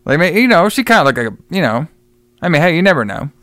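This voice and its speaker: A man's voice: fairly high pitch, very animated, quick pace, fairly bright tone, no room sound. A man co-hosting a horror movie review podcast, rambling and swearing in casual chat with frequent laughter. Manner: rambling, profane, laughs often.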